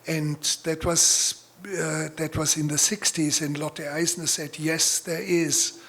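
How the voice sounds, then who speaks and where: Slow, even-toned German man. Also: fairly high pitch, husky. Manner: measured, deliberate speech with pauses and fillers. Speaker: guest author. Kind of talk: public talk and reading.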